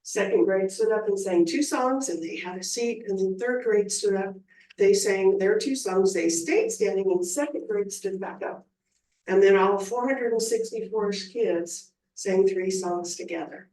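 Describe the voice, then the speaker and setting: Full of fillers and enthusiasm, a woman who teaches elementary music presents informally at a school board meeting. She speaks at a measured pace in a mellow, medium-pitched voice, recorded with roomy, distant meeting-room acoustics.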